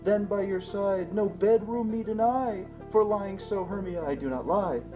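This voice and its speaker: A woman's voice: medium pitch, unhurried, over music, lightly acted. A woman playing a fickle young male lover, playful and hamming it up, in an amateur Shakespeare reading. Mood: coaxing.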